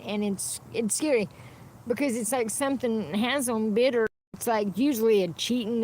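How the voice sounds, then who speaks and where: A woman's voice: mid-range voice, darkish tone, slight background noise. A woman streaming a rambling, unscripted monologue, blunt and profane, often restarting her sentences. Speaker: livestreamer.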